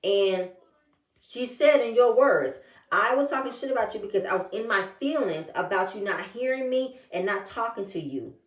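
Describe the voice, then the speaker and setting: A woman giving a sassy, animated recap of a reality show and acting out what the cast said. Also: medium pitch, fairly quick, few pauses, distant mic. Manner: animated, sassy, acts out the cast's quotes. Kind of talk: casual recap chat. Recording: echoey room, a bit off-mic.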